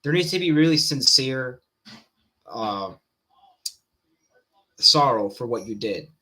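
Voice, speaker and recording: A man with a bright, clear voice comments on a clip in a loose, unscripted way. He hesitates often, restarts his sentences and leans on fillers while he thinks. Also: mid-range voice, animated, slow pace. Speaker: Christian apologetics commentator. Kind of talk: casual reaction commentary.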